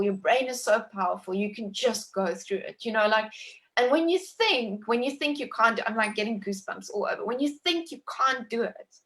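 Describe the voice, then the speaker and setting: A woman in her thirties telling a personal birth story in conversation, emotive and animated, talking with many likes and restarts. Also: medium pitch.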